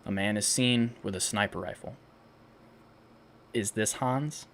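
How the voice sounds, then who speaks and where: A man's voice: on the low side, unhurried, a bit bright, a little hiss or hum. A man narrating stage directions in a live read of a fan audio drama, plain and matter-of-fact.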